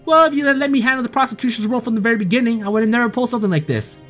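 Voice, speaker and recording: A man voicing a spoiled young celestial girl, a bored defendant who squeals indignant protests in a high put-on voice. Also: very fast, fairly bright tone. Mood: sulky. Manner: shrill, indignant outbursts. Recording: faint game music behind.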